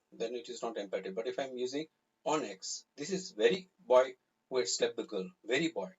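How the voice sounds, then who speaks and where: A man teaching a grammar lesson live, explaining slowly and repeating example sentences. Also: mid-range voice, breathy edge. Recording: slightly dull, lo-fi recording.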